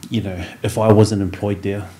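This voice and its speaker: A man's voice: on the low side, little pitch movement, normal speed, mellow, slight background noise. A man who is a former rugby league player, chatting as a podcast guest and telling stories with acted-out dialogue. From Samoan heritage. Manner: storytelling, acts out dialogue, laughs often. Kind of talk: casual interview chat.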